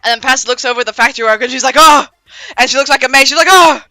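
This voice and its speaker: A woman streamer rambles through a story with lots of restarts, jumping into the characters' lines as she goes. Her voice is bright and smooth and a little high. It sits close and dry on her desk mic, with faint pop music playing underneath. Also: steady tone, rapid-fire, no echo.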